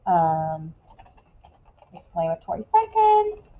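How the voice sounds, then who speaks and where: A woman teaching a classroom lesson in a casual way, asking quick questions and often checking in with "right?". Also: on the low side, wildly swooping pitch, phone-quality sound.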